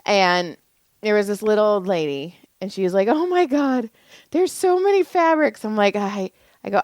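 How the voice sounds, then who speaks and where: A woman's voice: mid-range voice, no echo. A woman in her forties telling rambling, profane stories in casual chat as podcast co-host. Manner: rambling storyteller, swears freely.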